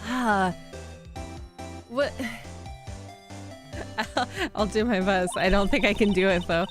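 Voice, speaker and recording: A woman's voice: medium pitch, lively intonation, a little slow, pauses often, faint music behind. A woman streaming a video game, reading the dialogue aloud and chatting playfully with viewers between lines. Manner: playful, giggly, self-deprecating.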